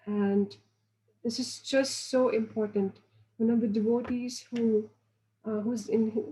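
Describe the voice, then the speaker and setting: A woman's voice: a little high, dark tone, low-quality recording. Earnest woman giving a devotional lecture. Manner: repetitive, restarting phrases, acts out quoted voices; earnest, instructive. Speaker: spiritual teacher.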